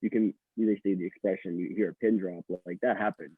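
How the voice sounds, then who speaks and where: A man's voice: low voice, fairly even intonation, fast, husky, no echo. A young man from Quebec, a college hockey player telling stories as a guest, rambling with many fillers and restarts. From Quebec, Canada. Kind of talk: casual storytelling interview. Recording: dry tinny call audio.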